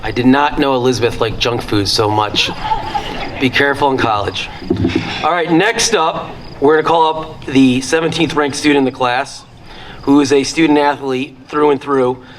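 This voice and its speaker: A man acts as the emcee and calls up each speaker in a casual, relaxed manner. His voice sits at a middling pitch, with only faint noise behind it. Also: normal speed. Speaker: event emcee. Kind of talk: announcing speakers.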